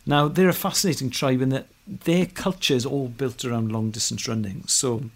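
Moving at a moderate pace, this man co-hosts a podcast in a mid-range voice. It's casual chat, and his storytelling is relaxed and eager, punctuated by frequent laughter.

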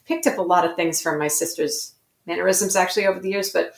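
A woman's voice: lowish voice, steady tone, fast talker, vocal fry, reverberant, very noisy. A woman being interviewed as a guest actor, telling stories in a reflective, self-correcting way. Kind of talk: interview conversation.

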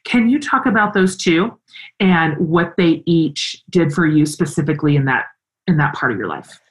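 Low-voiced woman interview host. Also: moderate pace, low-quality recording. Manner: earnest, expressive, animated storytelling. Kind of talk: conversational interview.

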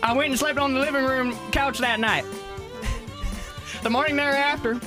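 A man voicing a hillbilly reading a letter aloud, halting and stumbling over the words. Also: very high-pitched, animated. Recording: home podcast with loud music behind.

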